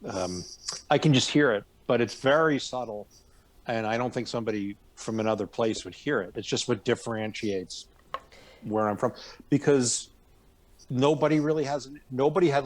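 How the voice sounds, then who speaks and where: A man's voice: medium pitch, moderate pace. A middle-aged American man being interviewed, talking in a rambling, self-correcting way with a plain General American accent. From northern New York suburbs, USA. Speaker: guest actor. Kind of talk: casual interview chat.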